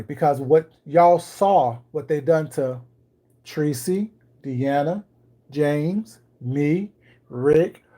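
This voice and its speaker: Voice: mid-range voice, dark tone. A livestream host chatting casually with viewers from a home kitchen, greeting people by name and speaking in a wry, ironic way. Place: home kitchen while baking.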